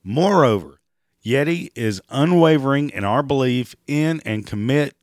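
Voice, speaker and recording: Man, raspy hoarse voice, sarcastic ranting commentary, dry close sound. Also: medium pitch, lively intonation, unhurried, a little mellow, no echo. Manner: profane and sarcastic, mocking. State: hoarse, clearing throat and coughing. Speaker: commentary vlogger.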